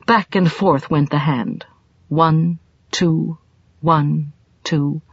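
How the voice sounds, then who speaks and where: A woman narrates an audiobook with a somewhat low, breathy voice. Her reading is dramatic, pushing emphasis up and down through the story. The recording is dull and lo-fi, with no room sound at all. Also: steady tone, very slow, no echo.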